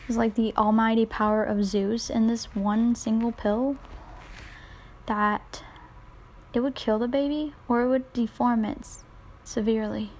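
A woman's voice: fairly high pitch, steady tone, unhurried, darkish tone. A young woman hosting a casual solo podcast, rambling and self-deprecating with jokey asides, her voice congested and a little nasal from her sinuses. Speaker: podcast host.

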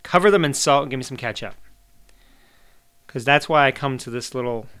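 Male podcast host, middle-aged, chatty and opinionated, smooth clear tone. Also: mid-range voice, sharp tone. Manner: chatty, opinionated, swears casually. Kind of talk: casual monologue.

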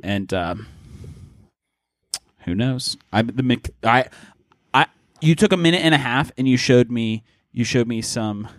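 A man chatting casually on a gaming podcast, animated and profane, acting out what others said in mock voices. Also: medium pitch, a little slow, dry recording, clean studio sound. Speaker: podcast co-host.

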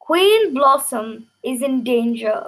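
Woman doing a bumbling fairy-tale king, loud and eager, high and bright. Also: expressive, slow pace. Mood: grave. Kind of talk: reading a children's storybook aloud.

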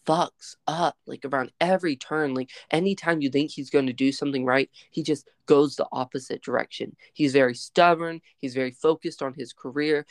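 A podcast co-host giving frank, animated opinions on a horror movie, swearing casually. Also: mid-range voice, no room sound, studio quality. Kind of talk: casual movie review chat.

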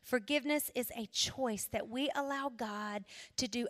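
Bright-voiced woman preaching. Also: fairly high pitch, moderate pace. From South Carolina. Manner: emotional, swings from hushed to raised and cracking. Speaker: women's ministry speaker. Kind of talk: personal testimony sermon.

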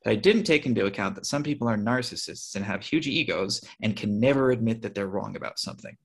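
Husky-voiced American man, frank storyteller. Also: fairly low pitch, quick pace. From United States. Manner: frank and animated, acting out quoted people. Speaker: podcast guest, author and publisher. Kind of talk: casual interview talk.

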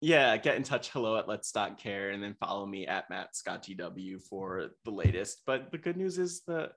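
A man's voice: on the low side, expressive, moderate pace, vocal fry, a bit bright. A young man talking as a podcast guest, eager and rambling, with frequent restarts and fillers. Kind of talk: casual interview chat.

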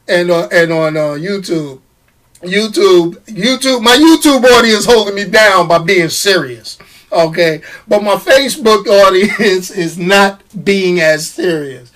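High-voiced man chatting animatedly. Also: a little slow. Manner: animated, stammering restarts, laughs often, talks to commenters. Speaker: show host. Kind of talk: casual live-stream chat.

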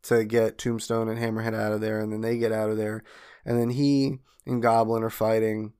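A young man co-hosting a podcast, casually recapping a cartoon and putting on quick silly voices for the characters. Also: on the low side, little pitch movement, warm tone, clean tone. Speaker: podcast co-host.

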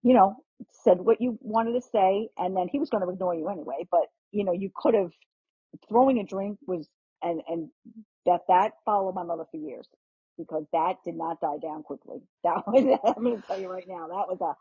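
A middle-aged woman, a guest host, telling a family story in casual chat, animated, with frequent restarts and casual swearing. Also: mid-range voice, normal speed, husky, dry recording. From New York. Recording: muffled lo-fi podcast audio.

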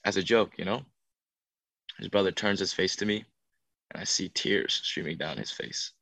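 A man's voice: deep voice, normal speed, vocal fry, fairly bright tone, no echo. A young man who leads youth workshops, telling a heartfelt testimony in an earnest, emotional way that builds in intensity. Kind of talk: testimony talk.

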